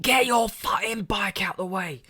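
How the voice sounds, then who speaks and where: A man acting out a big, furious man who shouts and swears on a train. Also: high voice, unhurried, pitched above the performer's own voice, exaggerated voice. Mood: furious shouting. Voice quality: bellowing, swearing.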